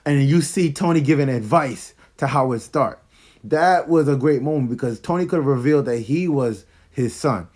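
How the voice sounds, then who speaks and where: A man giving a casual, excited movie review, full of slang as he retells scenes. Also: medium pitch, moderate pace.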